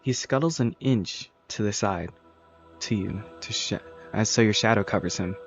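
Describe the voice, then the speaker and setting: A man's voice: lowish voice, normal speed, lo-fi sound, soft background music. A man casually reading a visual novel aloud, stumbling over words and correcting himself. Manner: casual, self-correcting, joking asides. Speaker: let's-play reader.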